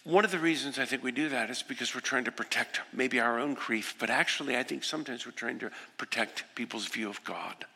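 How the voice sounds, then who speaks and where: A pastor in his sixties delivering an earnest sermon, moving from hushed, quiet passages to impassioned ones. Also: medium pitch, brisk, gravelly, few pauses, slightly rough. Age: 60s. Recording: echoey hall with long reverb.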